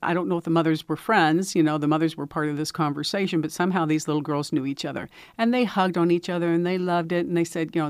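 A woman's voice: sits low, quick pace, hardly any pauses, darkish tone, clear, resonant tone, no room sound, studio quality. An older woman from Indiana, telling personal stories in an earnest, reflective way. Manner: earnest storytelling with quoted voices. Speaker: speaker sharing personal views.

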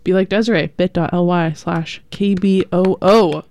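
A woman's voice: fairly low pitch, steady tone, normal speed, darkish tone, no echo. A woman co-hosting a radio show, chatting casually with lots of giggles and filler words, and reading out the station's call-in number. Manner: chatty, giggly, reads out phone number and donation link. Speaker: radio co-host. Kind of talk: casual on-air chat. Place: radio studio.

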